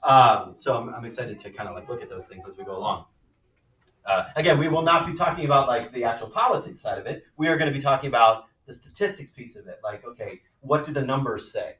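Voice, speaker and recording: A man teaching a high school math class, lecturing conversationally and often checking in with "right?" and "okay?". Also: quick pace, pushed and bright, recorded from a distance. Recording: echoey classroom, mic from afar.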